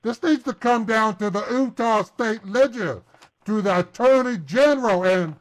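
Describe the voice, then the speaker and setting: Brash taunting older caller voiced by a man, high voice, crude insults. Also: moderate pace, close to an everyday voice. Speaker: scambaiter host. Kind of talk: prank call taunting.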